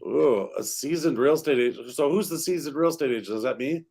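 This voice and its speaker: A man who is a realtor and radio co-host, chatting casually in a studio and working through long, halting explanations. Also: mid-range voice, darkish tone.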